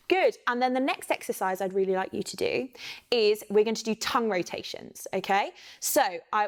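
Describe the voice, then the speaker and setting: An English woman teaching children a singing warm-up online, counting along and encouraging them. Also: fairly high pitch.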